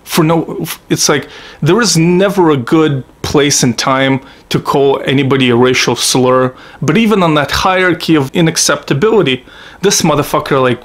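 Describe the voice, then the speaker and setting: Vlogger from Russia, slightly high voice, swears freely, rambling personal storytelling. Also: male voice, moderate pace. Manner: profane, blunt, digressive. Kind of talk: casual storytelling monologue.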